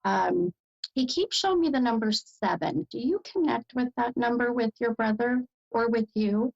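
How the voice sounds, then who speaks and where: A woman's voice: a little high, moderate pace, creaky, muffled recording. An American woman hosting a psychic reading as a medium, speaking hesitantly with many fillers and bursts of delight.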